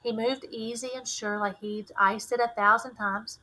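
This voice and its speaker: A woman teacher reading a novel aloud in a clear, measured, expressive way. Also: on the high side, low-quality recording.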